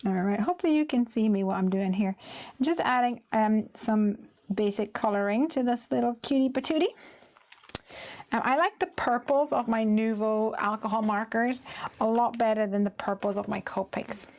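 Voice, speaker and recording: A woman hosting a live crafting stream, chatting casually and laughing often as she tells stories and works, sometimes muttering quietly to herself. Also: a little high, normal speed. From United Kingdom. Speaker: craft livestream host. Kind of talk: casual chat while crafting.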